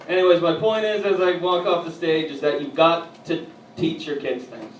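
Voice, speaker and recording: A man doing a stand-up comedy routine on a club stage, telling edgy jokes and bantering with the crowd, at times getting loud. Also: on the high side, lively intonation, fairly quick. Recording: echoey, distant, noisy live room.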